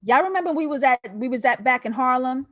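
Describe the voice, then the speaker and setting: Brief: young woman, high-pitched, animated and profane, live-stream film commentary host who laughs a lot and addresses viewers directly. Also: fast. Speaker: host of a film breakdown show.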